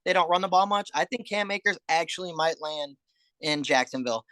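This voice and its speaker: A man's voice: a little high, brisk, bright, forceful tone, no room sound. A man co-hosting a sports betting podcast, talking casually with a lot of hesitation fillers. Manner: hesitant, lots of uh and um. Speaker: podcast co-host.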